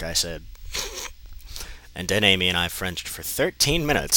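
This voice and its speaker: Give me a sarcastic, exasperated man with a low, very bright voice doing a comedic reading. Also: sing-song, a little slow, poor audio. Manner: sarcastic, exasperated, heavy swearing. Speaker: reader of a bad fan story. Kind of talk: comedic dramatic reading with commentary.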